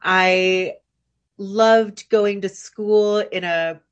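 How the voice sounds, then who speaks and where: A woman's voice: mid-range voice, fairly even intonation, extremely slow, lo-fi sound. A woman from the United States, a writer, talking as a guest on a radio interview and recalling stories in a reflective way. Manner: reflective, anecdotal storyteller.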